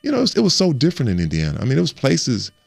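A man in a casual interview, an animated storyteller who stumbles over and repeats words as he recounts his past. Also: medium pitch, very fast, creaky, slightly rough, no echo. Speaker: guest recounting his playing career.

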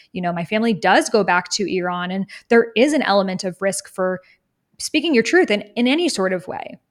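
A young woman speaks as an interview guest, earnest and reflective, at an ordinary middle pitch. She grows animated when she quotes people she has met. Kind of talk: personal storytelling in conversation.

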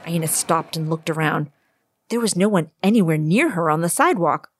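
A woman reading her own story aloud in an expressive storybook narration. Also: low-pitched, a little fast, a little hiss or hum. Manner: expressive, varies voices for characters.

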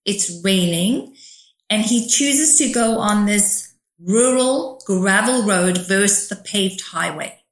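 A woman's voice: medium pitch, lively intonation, slow. A middle-aged woman, an author, telling a personal story as an interview guest in a vivid, emphatic way. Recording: roomy echo.

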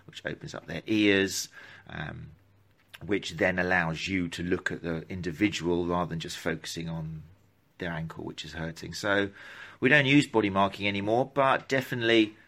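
A man who runs gait analysis for runners speaks in a lowish, slightly bright voice. On a live stream he chats casually and answers viewer questions, rambling and interrupting himself.

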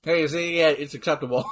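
Brief: joking, excitable young co-host with a lively, bright voice. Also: male voice, a little high, a little hiss or hum. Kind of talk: casual wrestling watch-along chat.

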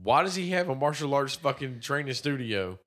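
A man in casual chat, mocking a movie with lots of swearing and animated retellings. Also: mid-range voice, normal speed.

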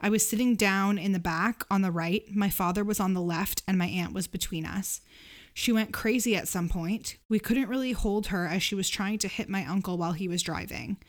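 A woman's voice: medium pitch, normal speed. A woman co-hosting a podcast, reading a listener's story aloud with casual, giggly asides. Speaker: podcast co-host.

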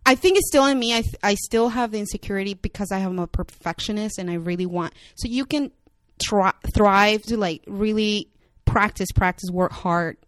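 A woman's voice: mid-range voice, moderate pace, few pauses, no echo, studio quality. Chatty woman with a Spanish accent. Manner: chatty, lots of "like" fillers, candid. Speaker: actress and writer guest. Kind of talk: casual interview talk.

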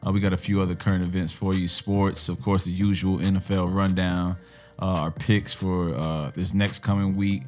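A man's voice: low-pitched, little pitch movement, normal speed, darkish tone, faint music behind. A man co-hosting a casual podcast, giving an easygoing rundown with lots of fillers. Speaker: podcast co-host.

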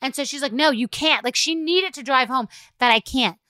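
A middle-aged woman hosts a podcast with a solo comedic rant, telling a rambling, profane, exasperated story full of "like"s. Her voice sits high with a sharp tone, and she speaks briskly. The recording is dry.

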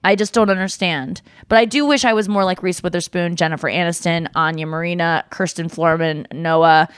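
A woman hosting a podcast in casual chat, animated and self-mocking, swearing freely. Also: on the low side, fairly quick, smooth, no room sound, clean studio sound. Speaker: podcast host.

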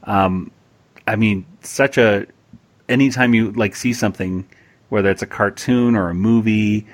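A man's voice: lowish voice, unhurried. A man hosting a podcast, chatting casually about cartoons with lots of restarts and laughter. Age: adult, past high school. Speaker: podcast host. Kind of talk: casual chat.

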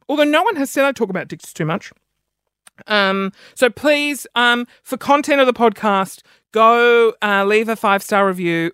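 A man's voice: very high-pitched, animated, pushed and bright, clean tone, no echo. Male podcast host, solo chat, rambling and self-deprecating, sniffs between lines, dry close mic. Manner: rambling, self-mocking, quick asides; audible sniffing between phrases.

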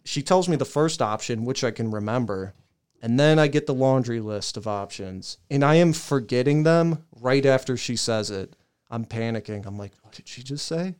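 A young man on a podcast, telling a long profane story in a casual, animated way and laughing as he goes. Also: mid-range voice, normal speed, clean tone. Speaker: podcast co-host.

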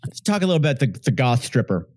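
A man's voice: medium pitch, sing-song, quick pace, a little mellow, no room sound, clean studio sound. A man hosting a podcast, chatting casually and enthusiastically about a film, laughing easily. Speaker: podcast host. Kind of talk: casual film-review chat.

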